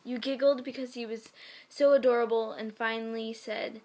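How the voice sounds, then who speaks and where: A woman's voice: fairly high pitch, fairly even intonation, normal speed, darkish tone. A woman reading fan fiction aloud in a casual way, often breaking off to giggle and comment on the text. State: sick.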